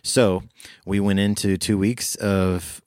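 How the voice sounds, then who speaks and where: A man hosting a podcast in a casual, upbeat chat, playful and quick to laugh. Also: lowish voice, little pitch movement, a little mellow, clear, resonant tone, no room sound, studio quality. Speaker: podcast host.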